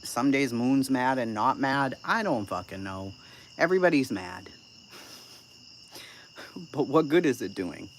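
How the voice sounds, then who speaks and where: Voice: mid-range voice, expressive, unhurried, pauses often, slight background noise. A channel host giving casual live-stream commentary and answering chat, blunt, profane and sarcastic.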